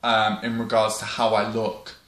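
A man's voice: lowish voice, monotone, normal speed, fairly bright tone. Young man, casual vlog chat, rambling, lots of ums, swears, echoey room. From England. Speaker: vlogger. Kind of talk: casual talk to camera. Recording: roomy echo.

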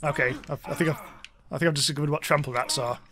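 A man's voice: on the high side, fairly even intonation, fast talker, bright, forceful tone. A young man chatting wryly through a let's play, exclaiming at what happens on screen. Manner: chatty, wry, exclaims at game events. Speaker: gaming YouTuber.

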